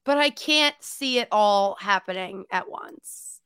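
A woman co-hosting a casual football podcast, chatty and quick to laugh, with lots of "like". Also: mid-range voice, a bit bright, smooth, dry recording. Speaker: podcast co-host. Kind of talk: casual sports chat.

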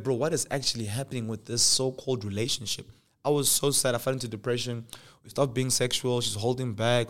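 Animated young South African man storytelling. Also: medium pitch. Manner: animated, acts out dialogue in different voices. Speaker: podcast host. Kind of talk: casual storytelling.

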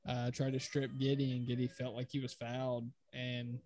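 A man co-hosting a casual sports podcast, leading the talk in a relaxed conversational way and reciting game stats. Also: medium pitch, normal speed. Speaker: podcast co-host.

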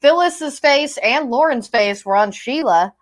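A woman with a somewhat high voice chats with her co-host in a lively, opinionated way. Her voice jumps sharply upward when she gets exasperated. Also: measured pace. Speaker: podcast co-host. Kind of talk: casual chat about soap operas.

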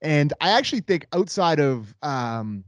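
A man co-hosting a sports podcast in casual chat, enthusiastic and quick to laugh. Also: fairly high pitch, sing-song, no room sound, clean studio sound.

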